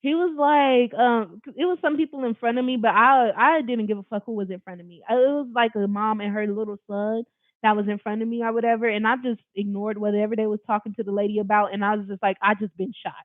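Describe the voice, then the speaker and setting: Woman, casual storytime, cursing and emphatic, higher voice, thin phone-like sound. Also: fairly even intonation, fast, dry recording. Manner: profane, blunt and emphatic. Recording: tinny phone-like dry recording.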